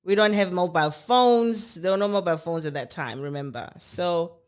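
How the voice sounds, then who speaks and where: A middle-aged South African woman whose first language is Zulu, co-hosting a podcast in lively, emphatic chat and story. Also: on the low side, moderate pace. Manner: animated storyteller, laughs often, emphatic agreement. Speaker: podcast co-host. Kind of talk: casual chat. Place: podcast recording in Britain.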